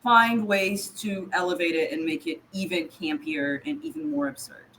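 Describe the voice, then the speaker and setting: A bright, forward voice belonging to a podcast co-host who talks in a loose, enthusiastic way. The speech is full of fillers and restarts, with a faint hiss behind it. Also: mid-range voice, animated, moderate pace, low-quality recording. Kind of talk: casual recap chat.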